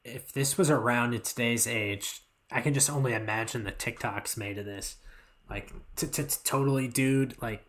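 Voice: mid-range voice, normal speed. A podcast co-host chatting casually, joking and swearing easily while reacting to song lyrics.

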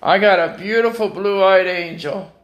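A man's voice: high-pitched, measured pace, fairly bright tone, dull audio. A man chatting casually in a home vlog, rambling, heartfelt and joking. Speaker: vlogger. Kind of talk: casual chat.

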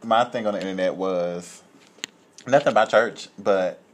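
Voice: sits low, moderate pace, slight background noise. A co-host in a casual chat, telling stories and acting out the people in them. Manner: lively storyteller who acts out the people in the story. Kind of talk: casual chat, animated storytelling.

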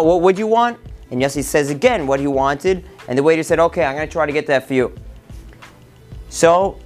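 A man, a rabbi hosting a podcast, tells a parable, jumping into his characters' lines as he narrates. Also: fairly high pitch. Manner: animated storyteller, acting out characters' lines. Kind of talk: storytelling a parable.

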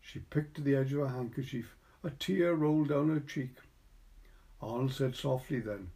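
A Welsh man reading a short story aloud in a measured storytelling manner. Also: medium pitch, creaky, mellow. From Wales. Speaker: reader. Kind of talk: scripted narration.

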